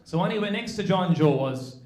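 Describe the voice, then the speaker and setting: An Irish man doing stand-up comedy, his voice sitting fairly high as he tells a rambling, swear-laced family tale. His voice bounces around an echoey club room. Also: expressive, brisk, darkish tone. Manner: swearing, self-deprecating anecdotes. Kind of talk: stand-up storytelling.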